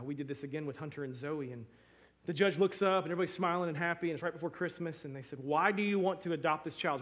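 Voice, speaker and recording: A man in his thirties or forties, a pastor preaching a sermon, telling emotional stories with many restarts. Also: on the high side.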